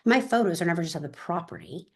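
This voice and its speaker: A woman's voice: lowish voice, expressive, fast. A woman real estate agent talking in an interview, telling stories with energy and emphasis and speaking straight to her listeners.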